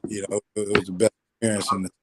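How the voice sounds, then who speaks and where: A man in his thirties from California, a podcast guest telling a story in a casual, animated way, with lots of "you know" and acted-out quotes. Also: fairly low pitch, fast, slightly rough. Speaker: podcast guest, former college football player.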